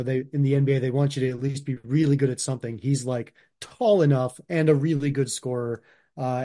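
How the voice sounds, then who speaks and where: A man's voice: medium pitch, mellow. A man co-hosting a casual sports podcast, talking loosely and hesitantly with many fillers. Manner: loose and hesitant, full of "like" and "you know". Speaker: podcast co-host.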